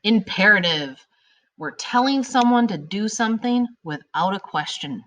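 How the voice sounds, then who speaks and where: Lively teacher woman, animated delivery. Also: medium pitch, a little slow, highs cut off. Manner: animated and emphatic, stretching words for students. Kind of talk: recorded grammar lesson for students.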